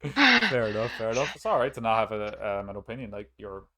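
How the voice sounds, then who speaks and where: A man's voice: on the low side, very animated, a little fast, pushed and bright. A man hosting a casual podcast chat, rambling with frequent restarts and casual swearing. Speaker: podcast host and streamer.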